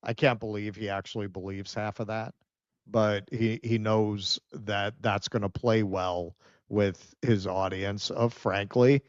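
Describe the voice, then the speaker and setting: A man's voice: on the low side, steady tone, measured pace. A man co-hosts a casual political chat, rambling along with plenty of restarts and "man"s. His mic sounds dull and lo-fi. The sound is dry, with no room echo. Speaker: co-host.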